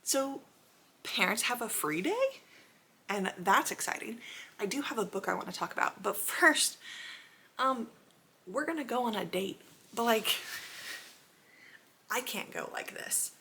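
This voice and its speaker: A woman's voice: on the high side, very animated, unhurried, creaky, pauses often, pushed and bright, a little hiss or hum. A woman in her thirties talking casually in a reading vlog, chatty and gushing, with laughs and sighs. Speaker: book vlogger.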